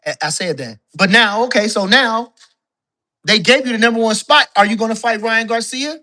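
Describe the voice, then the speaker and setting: Bright-voiced man on a profane boxing rant. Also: high voice, normal speed. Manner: profane, emphatic, repeats his points. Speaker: guest caller, boxing commentator. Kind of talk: casual boxing talk rant.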